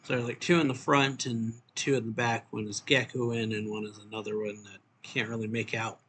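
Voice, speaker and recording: A man's voice: fairly low pitch, little pitch movement, fairly quick, a bit bright, slight background noise. A man casually retelling a manga chapter, rambling with many fillers as he goes. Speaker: manga reviewer.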